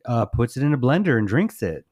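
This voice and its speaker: A man's voice: medium pitch, big pitch swings, darkish tone, no echo, studio quality. A man co-hosting a film review podcast, chatty and opinionated in casual talk. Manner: chatty, quick opinions, many fillers. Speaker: podcast co-host.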